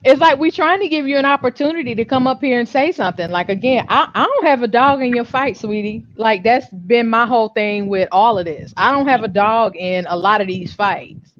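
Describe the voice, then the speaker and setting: A woman hosts a casual live chat, speaking frankly and breaking into laughter often. Her voice sits fairly high. The stream audio is dull and lo-fi with a faint hiss. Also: brisk. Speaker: host.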